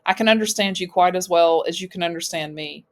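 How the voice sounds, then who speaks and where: A menacing male overlord from a storybook speaks in a soothing, patronizing voice, put on by a woman reading aloud. He talks slowly and calmly, sitting low in pitch. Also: natural voice.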